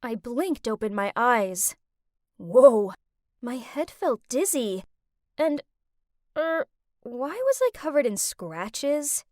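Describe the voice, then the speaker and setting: A young woman narrating a dramatic first-person story in an expressive way. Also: fairly high pitch, slow, hardly any pauses, dry recording, clean studio sound.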